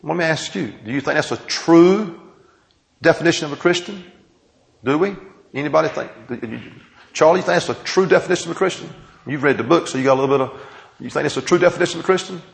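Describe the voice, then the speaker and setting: Gravelly-voiced preacher teaching a class. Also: male voice, a little high, poor audio. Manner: emphatic, drawn-out phrases, asks the audience questions. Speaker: pastor teaching a Bible class. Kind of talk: sermon. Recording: taped sermon.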